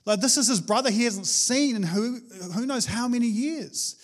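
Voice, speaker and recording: A man with a high-pitched voice preaching in a relaxed, conversational way. He talks animatedly, like a chat with friends, often restarting his sentences mid-thought. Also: moderate pace. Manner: animated, chatty, with many restarts. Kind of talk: casual conversational sermon.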